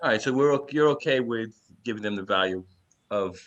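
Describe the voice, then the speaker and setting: A man's voice: on the low side, brisk, fairly bright tone, dull audio. Hesitant man asking a question. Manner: hesitant, searching for words. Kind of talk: question in a live class.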